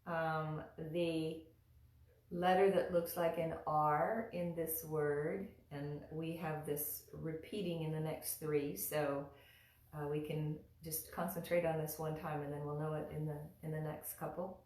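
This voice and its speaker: Slow, calm woman teaching chant in a roomy space. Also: sits low, slight background noise. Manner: calm, patient, demonstrates sounds and chants. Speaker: mantra teacher. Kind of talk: slow guided pronunciation lesson. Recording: roomy echo, from a distance.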